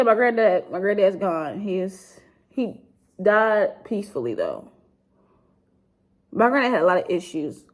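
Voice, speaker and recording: Young woman YouTuber, grieving storytime, rambling and blunt, mid-pitched voice. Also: darkish tone. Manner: rambling, heavy use of "like", blunt and profane. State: grieving, subdued. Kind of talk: emotional storytime vlog.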